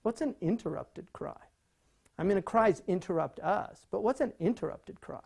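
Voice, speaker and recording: Mellow-voiced man lecturing on poetry. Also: high voice, normal speed, creaky, husky. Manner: rhetorical questions, frequent "right?"; animated, conversational teaching.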